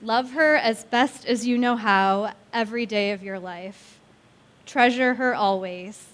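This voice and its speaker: A woman gives a heartfelt wedding toast to her sister and welcomes the groom into the family. She is affectionate but feisty, with a touch of scrappy teasing. Her voice sits somewhat high. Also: measured pace, a bit bright. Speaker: bride's sister giving a toast.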